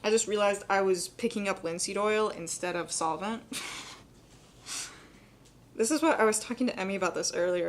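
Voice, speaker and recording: A young adult woman giving a live painting demonstration, talking quickly and chattily and laughing often. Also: medium pitch, a little hiss or hum. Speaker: painting instructor.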